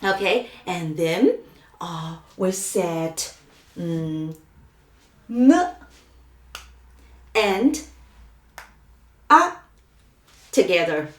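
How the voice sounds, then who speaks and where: A woman teaching Chinese pinyin, drawing out sounds and singing the tones in a slow drill. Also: fairly low pitch, reverberant.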